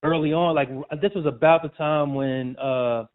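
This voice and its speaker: A man tells stories in an easy, slangy way in casual interview chat. His voice sits a little high. The sound is thin and boxy, like a phone call. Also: moderate pace, clean tone. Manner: relaxed, storytelling, slangy. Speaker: sportswriter guest. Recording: tinny phone-like audio.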